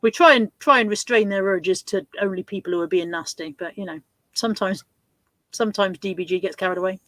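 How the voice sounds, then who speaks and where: A woman's voice: mid-range voice, a little fast, fairly bright tone, dry recording. A woman chatting casually as co-host of a live stream, wry and self-mocking.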